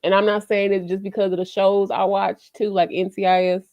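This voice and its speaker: A vlogger talks candidly to camera about life lessons in a flat, medium-pitched voice at a fairly quick pace, dropping slangy asides and plenty of "you know." Her dull, lo-fi mic gives a dry recording with no echo or room sound.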